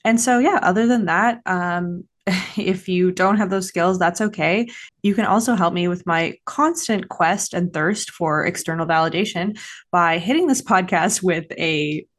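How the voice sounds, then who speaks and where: A woman's voice: fairly low pitch, unhurried. Chatty self-deprecating woman podcast host. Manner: rambling, self-deprecating, swears casually. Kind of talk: casual chat.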